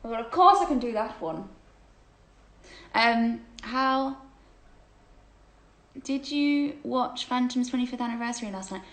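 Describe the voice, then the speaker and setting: A woman's voice: fairly high pitch, measured pace, pauses often, roomy sound, low-quality recording. A woman hosting a casual livestreamed chat, reading out viewer questions, gushing and chatty and laughing often.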